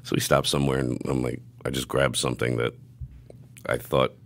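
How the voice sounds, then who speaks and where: A man's voice: a bass voice, level tone, fairly quick, gravelly. A young man hosting a podcast, telling stories in a profane, laughing, casual way. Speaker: podcast host.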